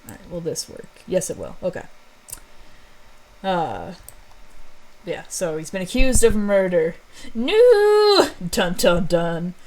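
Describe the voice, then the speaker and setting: A woman's voice: fairly low pitch, big pitch swings, a little slow, long pauses, dark tone. Rambling, self-mocking woman streamer. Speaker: streamer and story author. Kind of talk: casual chat.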